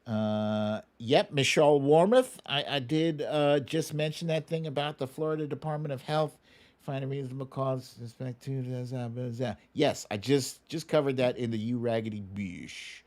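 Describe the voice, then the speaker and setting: A man hosting a live stream in casual chat, reading viewer comments aloud and answering them with quick asides and hums. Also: mid-range voice. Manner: animated, frequent chuckles and filler hums. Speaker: livestream host.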